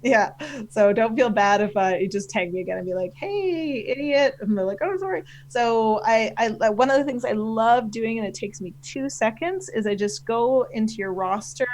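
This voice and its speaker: A woman's voice: a little high, fairly even intonation, moderate pace, few pauses, a little mellow, poor audio. A woman on a live stream panel who answers viewer questions in a rambling, self-deprecating way, full of fillers and restarts. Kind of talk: casual live-stream chat.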